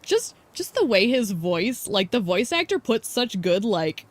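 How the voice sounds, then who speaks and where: A woman's voice: mid-range voice, big pitch swings, unhurried, dry recording. A young woman streamer giving casual game commentary, gushing and giggly with playful drama.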